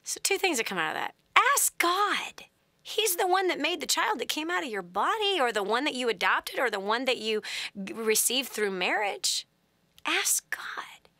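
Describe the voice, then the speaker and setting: Bright, high-voiced woman hosting a call-in talk show. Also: a little fast, dry recording. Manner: animated storytelling, laughs often, acts out voices. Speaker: host. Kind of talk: radio call-in advice talk.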